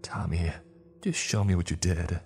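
A man voicing a cold, menacing teenage boy who speaks in a low, detached drawl. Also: measured pace, vocal fry, a little mellow, faint music behind.

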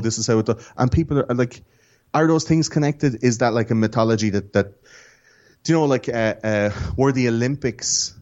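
An Irish man chatting on a podcast as a guest, keen and rambling as he spins out his stories. His pitch sits in an ordinary middle range. The audio is a little dull and lo-fi. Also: fairly quick, a little mellow. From Ireland. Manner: enthusiastic, rambling storyteller. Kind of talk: casual chat.

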